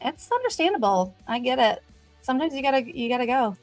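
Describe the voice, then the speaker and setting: A woman's voice: high voice, big pitch swings, a little fast, dry recording, faint music behind. A woman hosting a casual livestream, greeting viewers and chatting upbeat with lots of "you know" fillers. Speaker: host of a brand livestream.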